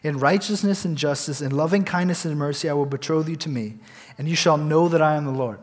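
A young man speaks in a casual, earnest way, often stopping and restarting his sentences as he reads verses and shares his own story. His voice sits a little high for a man. The recording carries a long, lingering reverb. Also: a little fast. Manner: earnest, rambling, with many restarts and fillers. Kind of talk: casual faith talk with scripture reading.

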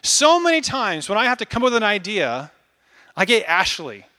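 A man in his thirties preaching a casual, animated sermon, acting out little asides as he goes. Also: high voice, moderate pace. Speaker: pastor.

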